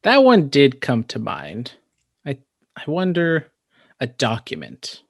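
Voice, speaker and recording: A man from California co-hosting a casual podcast, measured and a little skeptical, pausing to find his words. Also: medium pitch, wildly swooping pitch, vocal fry, husky, dry recording, studio quality. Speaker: podcast co-host.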